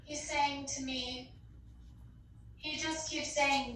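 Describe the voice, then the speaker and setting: High-voiced, echoey woman medium. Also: steady tone, slow pace, fairly bright tone. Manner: chatty, affectionate, fills with "like", calls listener babe. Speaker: psychic medium. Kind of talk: casual spoken reading. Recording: echoey and distant with faint noise.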